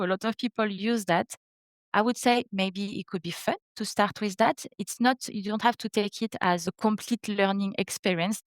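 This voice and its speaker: A woman's voice: mid-range voice, no echo. A woman in her thirties from France with a French accent, a French teacher speaking in an interview, earnest and explanatory. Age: 30s. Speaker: French teacher, podcast guest. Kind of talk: interview conversation.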